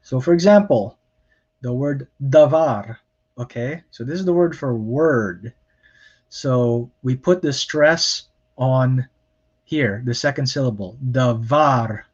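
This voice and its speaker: A man lectures on grammar at a slow, unhurried pace. He explains plainly and corrects himself often, with frequent ums. The recording sounds dull and lo-fi. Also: mid-range voice, expressive, darkish tone, slightly rough. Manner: plain explanatory, many fillers and self-corrections. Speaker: Hebrew lecturer.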